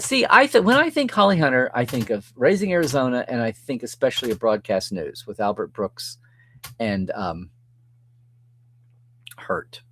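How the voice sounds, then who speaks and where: A middle-aged man hosting a live stream, reading viewer comments aloud and reacting in a chatty, animated way. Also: medium pitch, normal speed.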